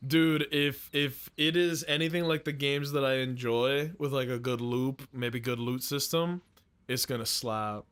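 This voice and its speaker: A man's voice: mid-range voice, unhurried, a bit bright, clear, resonant tone. A male streamer chatting casually while reacting to a game, joking crudely and laughing often.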